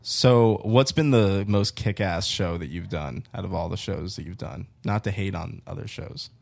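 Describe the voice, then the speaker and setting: A man's voice: deep voice, moderate pace, gravelly, a little mellow, dry recording. A man hosting a podcast, chatting casually and joking in an easygoing way. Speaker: podcast host. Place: podcast studio.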